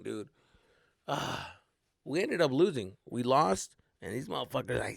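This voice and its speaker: A man's voice: measured pace, vocal fry, no room sound, studio quality. A man hosting a comedy podcast, telling a story casually and profanely, with Spanish slang mixed in. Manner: animated, acts out quoted people in high voices.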